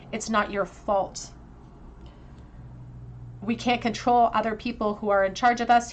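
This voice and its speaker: A woman giving a pick-a-card tarot reading, speaking straight to the viewer in an earnest, emotional way and talking with braces. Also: mid-range voice. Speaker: tarot reader.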